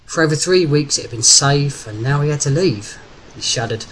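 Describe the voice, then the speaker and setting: A man reading a story aloud in steady audiobook narration. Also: a little high, moderate pace. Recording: noisy background hiss.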